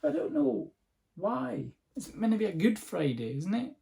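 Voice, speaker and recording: A man's voice: high voice, very animated, normal speed, creaky, warm tone, slight background noise. A man hosting a podcast, rambling through a casual comic monologue, sarcastic and swearing freely. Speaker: podcast host.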